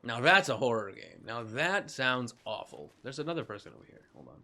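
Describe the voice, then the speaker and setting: A man's voice: medium pitch, sing-song, fairly quick, gravelly, sharp tone. A young man streaming a video game, chatting casually with lots of jokes, swearing and laughter. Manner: rambling, joking, swearing, laughing often. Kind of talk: live gameplay commentary.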